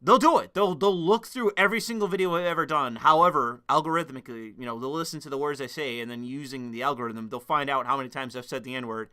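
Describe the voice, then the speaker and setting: A man's voice: mid-range voice, fast talker, hardly any pauses, bright, forceful tone, clear, resonant tone. A young man streaming casual commentary, rambling and profane, laughing at his own remarks.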